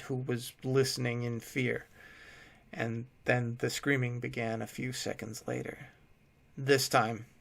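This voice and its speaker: A man giving scripted horror narration in a measured, grim storytelling manner. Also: medium pitch, creaky.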